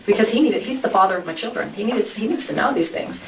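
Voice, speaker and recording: A woman's voice: medium pitch, animated, fast talker. A woman telling her personal story in an interview, rambling, with many restarts and quoted conversations. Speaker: interview guest. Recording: echoey room, from a distance, faint noise.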